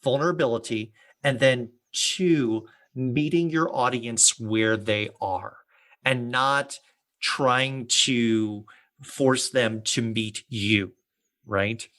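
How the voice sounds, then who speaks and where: A man's voice: medium pitch, slow pace, a bit bright. A man hosting an interview podcast, framing ideas in long, reflective sentences. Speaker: podcast host. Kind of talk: interview questions and commentary.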